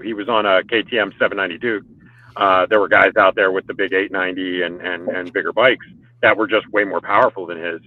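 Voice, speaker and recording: A man who runs motorcycle track days and coaches riders, talking casually on a podcast in a rambling way full of fillers and restarts. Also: low-pitched. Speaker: motorcycle track day organizer and riding coach. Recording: phone-like call audio.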